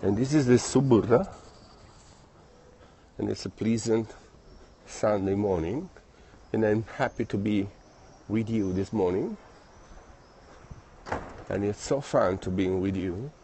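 A man's voice: fairly low pitch, dark tone, husky. Chatty Italian-accented man on a street. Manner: friendly, chatty, halting non-native phrasing. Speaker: live streamer. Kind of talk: casual live-stream chat, reading viewer comments. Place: outdoors on city streets, walking.

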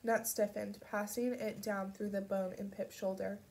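A woman narrating an audiobook in a steady, measured reading voice. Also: medium pitch.

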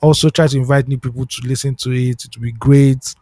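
Nigerian man, podcast co-host, warm mellow tone, dry close sound, casual chat. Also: mid-range voice, fast, dry recording. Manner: relaxed, chatty, mixes in pidgin.

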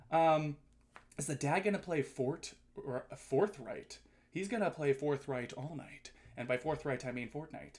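Animated, joking male live streamer. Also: on the high side, normal speed. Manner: playful, reads chat messages aloud and jokes back. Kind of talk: casual live-stream chat.

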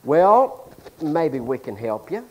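Lively, joking preacher man. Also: on the high side, takes it slowly, muffled recording, slight background noise. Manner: folksy, joking, swings between loud and hushed. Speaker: pastor. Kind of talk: humorous sermon.

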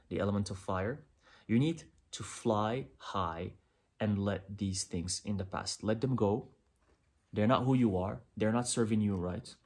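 A man's voice: lowish voice, darkish tone, breathy edge. A man giving a pick-a-pile tarot reading, speaking earnestly and directly to the listener, often repeating himself. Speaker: tarot reader.

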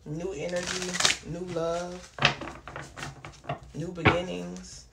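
A woman doing a casual tarot reading, chatty and prone to excited exclamations. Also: on the low side, slow pace. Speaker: tarot reader. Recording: echoey room with clear background noise.

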